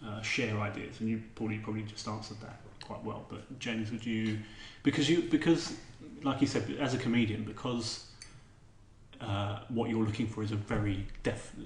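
Halting male discussion moderator. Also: on the low side, echoey room, slight background noise. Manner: halting, full of fillers. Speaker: group facilitator.

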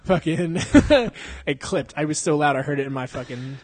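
A man's voice: on the high side, expressive, moderate pace, darkish tone, no room sound. Young male podcast host, profane and slangy, laughing, dry recording. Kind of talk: casual chat.

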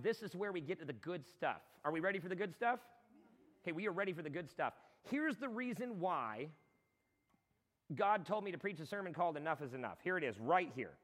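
A man preaching a sermon in a high, bright voice, talking to the congregation like friends and rising now and then to a shout. His voice rings out with a long hall echo behind it, as if from a church sanctuary. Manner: impassioned, conversational preaching with sudden shouts. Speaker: pastor.

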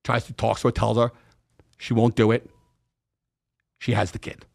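Gravelly man telling a profane story. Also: lowish voice, moderate pace. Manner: profane, animated, acts out quoted dialogue. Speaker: podcast guest. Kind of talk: casual storytelling.

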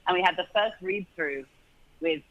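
A man's voice: high voice, moderate pace, muffled recording. A man with a British accent, chatting as an interview guest, restarting his sentences and laughing easily. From Britain. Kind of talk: casual interview chat.

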